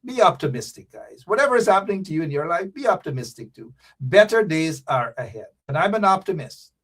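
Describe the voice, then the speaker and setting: A man closes out his live show and speaks straight to his viewers in a preachy, repetitive way. His voice sits a little high for a man. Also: very animated, fairly quick, fairly bright tone. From Guyana. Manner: preachy, repeats phrases, addresses viewers directly. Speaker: show host. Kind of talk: casual live-stream sign-off.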